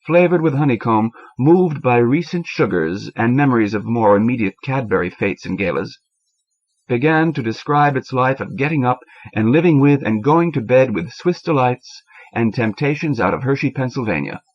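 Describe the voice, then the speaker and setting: A man narrates a short story in a measured, expressive reading. His pitch sits at an ordinary middle level. The sound is dull and lo-fi, like an old cassette transfer. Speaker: audiobook reader. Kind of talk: scripted narration.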